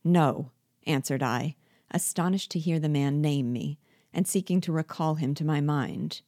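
A woman reading a novel aloud in a measured, deliberate manner. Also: deep voice, dark tone, dry recording, clean studio sound. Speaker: book reader.

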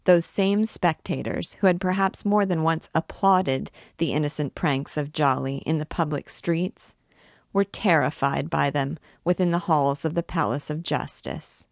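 A woman hosting a read-along, reading a classic novel in a measured, steady way. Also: sits low, dry recording, clean studio sound. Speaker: reader, host. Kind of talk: audiobook reading.

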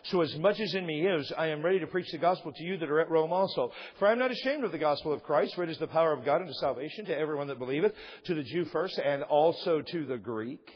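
A man preaching a sermon as pastor, impassioned and rising in emphasis, with a voice that is wearing out and husky. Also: fairly high pitch, fast talker, few pauses, big-room sound, highs cut off. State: losing his voice. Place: church sanctuary.

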